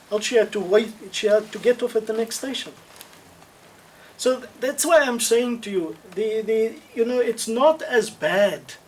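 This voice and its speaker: Higher-voiced man, distant mic. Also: slight background noise. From South Africa. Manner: measured, thoughtful, with frequent restarts and emphatic repetition. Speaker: webinar speaker answering questions. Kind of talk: Q&A answers in an online webinar. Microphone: video call.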